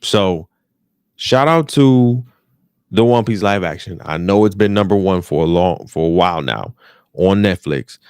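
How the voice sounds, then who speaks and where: Animated, profane American man ranting. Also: deep voice, measured pace, clean tone, no room sound, studio quality. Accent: African American English. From United States. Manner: animated, profane, repeats phrases for emphasis. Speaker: podcast host. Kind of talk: casual ranting commentary.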